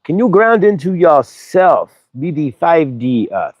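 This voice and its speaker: A man's voice: a little high, sing-song, measured pace, dry recording, muffled recording. A man hosting a spiritual channeling show, coaxing listeners with a stream of rhetorical questions and rambling restarts. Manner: rambling, restarts mid-sentence. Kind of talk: motivational spiritual talk.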